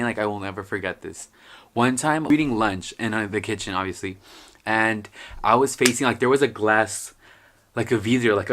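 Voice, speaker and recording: A young man vlogging in a casual, profane ranting style, heavy on fillers, with sudden loud outbursts. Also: on the low side, slight background noise. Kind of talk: casual vlog rant.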